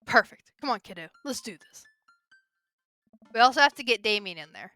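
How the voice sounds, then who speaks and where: A woman's voice: on the high side, lively intonation, normal speed, pushed and bright, no echo, faint music behind. A young woman casually commentating a game stream, chatty and giggly, reading dialogue aloud. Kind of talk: casual let's-play commentary.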